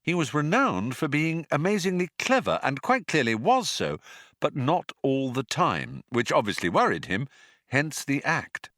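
A man's voice: a little high, sing-song, unhurried, a bit bright, no room sound. A man narrating an audiobook in a dry, wry storytelling manner, close on a studio mic.

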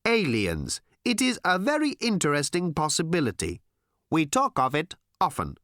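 A man voicing thin, greenish alien visitors who speak slowly, flatly and earnestly. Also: a little high, dry recording, clean studio sound, voice pushed up.

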